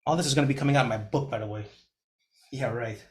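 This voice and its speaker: A middle-aged man gives an energetic, motivational real estate lesson over a video call. His voice sits in a middle pitch, and he jumps into a raised, anxious tone when he acts out panicked clients before settling back down. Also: fast. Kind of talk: motivational class talk.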